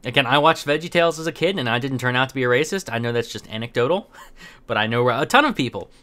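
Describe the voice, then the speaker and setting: Young guy ranting on his channel, bright edgy voice, lots of ums and restarts. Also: mid-range voice, expressive, fast. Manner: rambling, many fillers and restarts. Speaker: commentary host. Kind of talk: casual opinion commentary.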